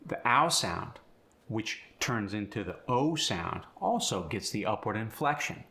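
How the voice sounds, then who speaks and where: A male accent coach who talks in a slow, measured way. His voice has a bright, forceful edge. He explains one sound change after another and then reads out a model sentence. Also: on the low side, big pitch swings. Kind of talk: accent tutorial.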